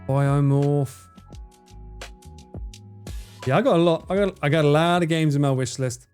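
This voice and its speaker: A man streaming a game live, chatting casually with his chat, excitable and swearing often. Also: a little high, unhurried, faint music behind.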